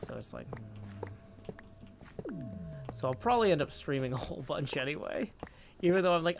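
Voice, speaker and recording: A man's voice: a little high, expressive, fairly quick, creaky, pauses often, slight background noise. A man chatting casually on a gaming livestream at his desk mic, rambling, reading chat aloud and humming to himself. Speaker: streamer.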